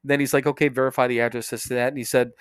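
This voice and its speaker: A man's voice: mid-range voice, level tone, very fast, clear, resonant tone, no echo, clean studio sound. A man from Indiana co-hosting a podcast, telling a story in casual chat, swearing and quoting people as he goes. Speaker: podcast co-host.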